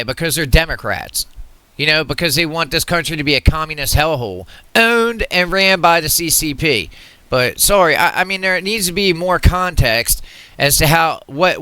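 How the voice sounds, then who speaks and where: A man's voice: fairly high pitch, pushed and bright, smooth, dry recording. A man ranting heatedly to his viewers, agitated and repetitive, often swearing and restarting his sentences. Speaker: political commentary vlogger. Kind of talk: heated rant to camera.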